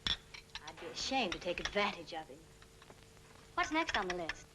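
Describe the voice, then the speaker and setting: An earnest, flustered young schemer. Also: female voice, fairly low pitch, sing-song, normal speed. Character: eager young woman scheming to land a husband. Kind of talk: 1940s film acting. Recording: hissy old film soundtrack.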